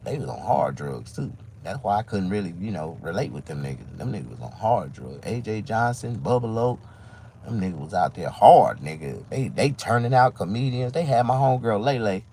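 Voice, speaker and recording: A comedian man talking casually to his viewers, telling rambling, profane stories that swing between loud outbursts and low asides. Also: animated, moderate pace, vocal fry, slight background noise. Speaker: stand-up comedian. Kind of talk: casual monologue to camera.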